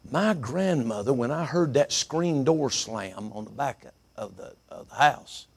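A man's voice: medium pitch, lively intonation, unhurried, gravelly, slightly rough. A middle-aged man preaching a sermon, telling folksy stories and repeating words for emphasis.

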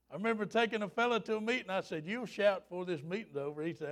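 A man in his fifties preaching a fervent, folksy revival sermon, rising at times to shouts. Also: high-pitched, fast, few pauses.

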